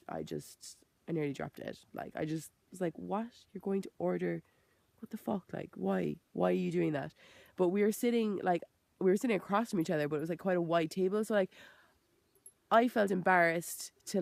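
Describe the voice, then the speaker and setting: Rambling Irish woman, gravelly voice. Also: deep voice, darkish tone, no echo. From Ireland. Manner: rambling, frequent "like" and self-corrections; frank, swears freely. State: chesty cough, chest infection. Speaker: vegan vlogger. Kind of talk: casual vlog monologue.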